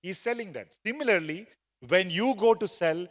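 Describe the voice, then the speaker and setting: Speaking in a fairly high, animated voice at normal speed, this man delivers a motivational sales talk at a conference. He tells a story to the audience in the large hall and prompts them to answer out loud, all carried by the room's long reverb.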